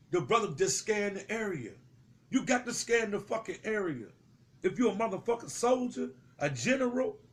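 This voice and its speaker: A young man giving heated, profane street commentary, confrontational and repetitive, swearing freely. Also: high voice.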